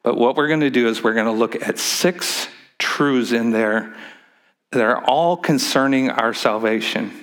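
Male pastor preaching in a church. He has an easygoing, joking delivery, leads call-and-response, stumbles and repeats words, and sits in the middle pitch range. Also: measured pace, a bit bright. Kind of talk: sermon. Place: church sanctuary with a congregation.

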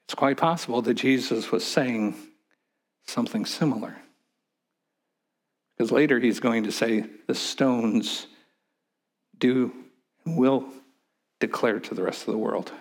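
A male pastor delivers a sermon with an emphatic, dynamic style. His voice sits at a middling pitch, rising and pressing hard on key points, then dropping low and nearly to a whisper for effect. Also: measured pace, long pauses. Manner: emphatic preaching, swinging from loud to hushed.

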